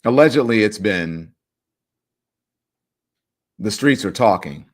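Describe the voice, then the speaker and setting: Running a livestream, a male talk show host reads out viewers' comments in a somewhat low-pitched voice at a slow pace. His delivery is animated and emphatic, sprinkled with playful, teasing asides.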